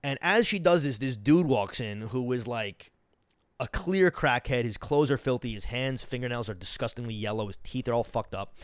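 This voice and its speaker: Young male podcast host, animated profane storyteller, dry close sound. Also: medium pitch, normal speed, dry recording. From United States. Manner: animated, profane, acts out quoted people. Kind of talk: casual storytelling monologue.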